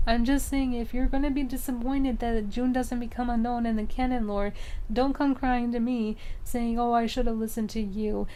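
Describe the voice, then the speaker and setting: A woman's voice: fairly high pitch, mellow, slight background noise. A young woman streaming, chatting casually and rambling with lots of fillers. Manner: rambling, many fillers, frequent laughs.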